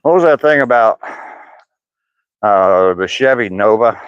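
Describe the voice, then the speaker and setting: A man's voice: fairly low pitch, expressive, measured pace, smooth, dry recording, highs cut off. An older man chatting casually with live chat viewers by name on an outdoor walk, mentioning his sore hip. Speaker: vlogger reading live chat.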